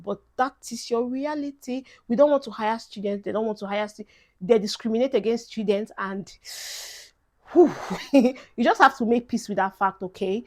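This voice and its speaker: A young Nigerian woman vlogging advice in a chatty, emphatic way, dropping Pidgin phrases into her talk. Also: mid-range voice. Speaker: vlogger giving advice to incoming students. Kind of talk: casual advice vlog.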